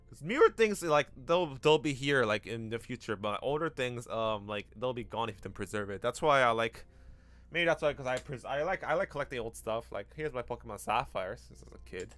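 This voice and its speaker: A man's voice: medium pitch, lively intonation, a little fast, a bit bright, dry recording, faint music behind. Chatty American-accented man streaming a game. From Korea. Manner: chatty, answers chat, trails off and restarts. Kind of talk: casual gameplay commentary.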